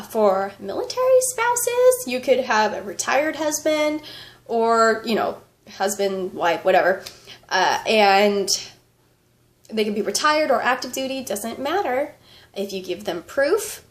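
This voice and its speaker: A woman vlogger with a fever, chatting casually and rambling, with frequent laughter. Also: on the high side. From United States. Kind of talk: casual vlog chat.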